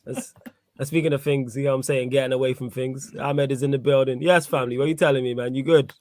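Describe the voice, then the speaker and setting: A man hosts a casual football chat, talking in quick slang and laughing easily. His voice sits at an everyday pitch and sounds close and dry, with no room around it. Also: no echo. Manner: animated, slangy, laughs often. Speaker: podcast host.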